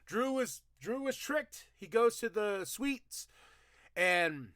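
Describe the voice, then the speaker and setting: Animated high-voiced man recapping wrestling. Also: slow, dry recording, clean studio sound. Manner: animated, laughing, acting out wrestlers' lines. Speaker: podcast host. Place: home room.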